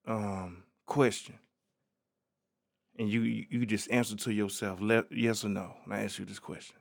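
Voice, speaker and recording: A man's voice: on the low side, steady tone, moderate pace, gravelly. Laid-back, slangy male podcast host. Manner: laid-back and slangy, peppers talk with "man". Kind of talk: casual solo podcast talk.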